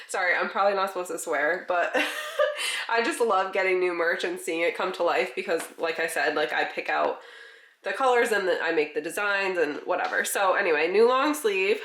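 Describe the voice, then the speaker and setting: A woman's voice: lowish voice, normal speed, a bit bright, echoey room. A woman farm vlogger chatting casually with lots of filler words, congested and a little winded. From New York. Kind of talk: casual vlog.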